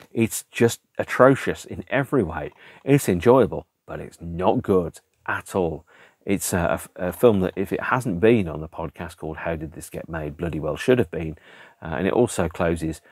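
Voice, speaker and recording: A man's voice: low voice, normal speed, darkish tone, no echo, clean studio sound. A man hosting a casual podcast, reviewing films in an exasperated, emphatic way with rhetorical questions and the odd swear word. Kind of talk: casual chatty film review.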